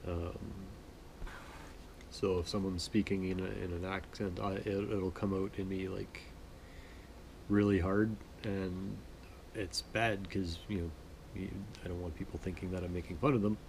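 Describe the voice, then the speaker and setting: A man from Manitoba, Canada, chatting in a relaxed, rambling, self-deprecating way as host of his sewing vlog. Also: low-pitched, a little slow, noisy background. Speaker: sewing vlogger. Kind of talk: relaxed casual chat.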